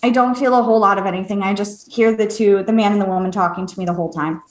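A woman, a podcast co-host and medium, telling a story in a casual, animated way, laughing often, swearing and acting out what people said. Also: mid-range voice, fast. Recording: echoey room.

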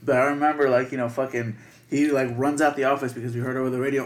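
Crude, animated young male podcaster. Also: medium pitch, quick pace. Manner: crude, animated storytelling full of profanity. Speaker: podcast co-host. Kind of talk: casual chat.

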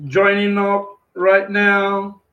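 A man preaching on a live stream in an excitable, repetitive way, often asking "you know what I'm saying". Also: sits high, extremely slow, dull audio. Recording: echoey room sound.

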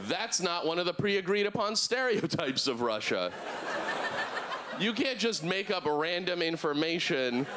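A man in his thirties doing a deadpan stand-up set on a handheld mic. His pitch leaps and falls a lot, jumping high for quoted people. A faint hum of the room sits behind him. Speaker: stand-up comedian. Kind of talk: stand-up routine. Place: comedy club stage before a live audience.

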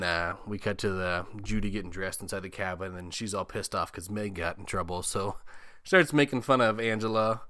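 A man with a fairly low, bright, forceful voice recaps a film in a loose, joking way. He swears often and slips into quick bits of the characters' lines. The sound is dry and close. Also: dry recording. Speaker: podcast host. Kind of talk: casual movie recap.

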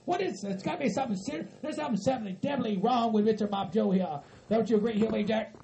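A man voicing a level-headed hillbilly friend who pleads patiently and tries to calm everyone down. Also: high-pitched, racing, noisy background. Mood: pleading. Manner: patient, pleading, repeats "Mister Bob Joe". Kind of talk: hobby comedy skit acting.

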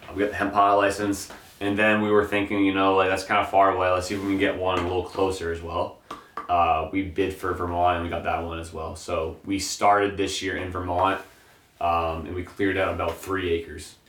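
Speaking fairly quickly, a very deep-voiced young grower describes his work in a casual interview, loose and rambling with lots of fillers. He's far from the mic in an echoey room with slight background noise.

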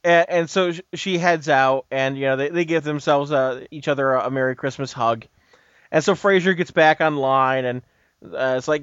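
A man's voice: a little high, normal speed, a bit bright, smooth, no echo. A man co-hosting a podcast, casually retelling an episode in a rambling way with lots of "you know" and "uh". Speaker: podcast co-host. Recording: dull, dry lo-fi audio.

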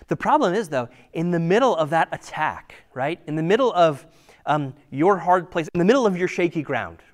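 Man, pastor, sermon, conversational, rhetorical questions, slightly raised pitch.

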